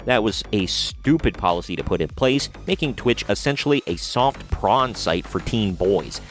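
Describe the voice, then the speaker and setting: A man's voice: lowish voice, lively intonation, normal speed. A man hosting a commentary video, reading out news articles and adding blunt, sarcastic remarks of his own. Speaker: commentary channel host.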